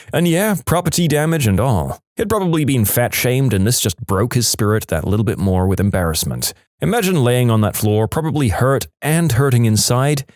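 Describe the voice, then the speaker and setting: A man's voice: medium pitch, darkish tone, no room sound. A man narrating a series of short workplace stories in a scripted voice-over, adding his own dry asides between them.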